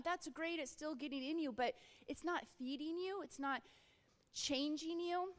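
A woman's voice: sits high, moderate pace. A middle-aged woman giving an earnest faith-based encouragement talk, telling stories and acting out her own thoughts. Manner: earnest, storytelling, acts out quoted thoughts. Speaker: Christian speaker. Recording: long hall reverb.

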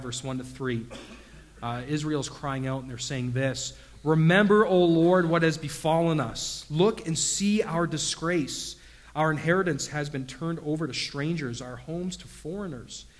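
A man in his thirties preaching a sermon as a pastor, talking conversationally with lots of fillers and building to emphatic peaks. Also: mid-range voice. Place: church sanctuary. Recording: long reverb of a church hall.

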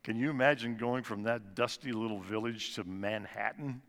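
Man in his sixties testifying in an echoing church. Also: fairly low pitch. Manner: earnest storytelling, slows and drops soft for emphasis. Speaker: guest speaker at church service. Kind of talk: personal testimony talk. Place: church sanctuary. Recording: long reverb of a large church hall.

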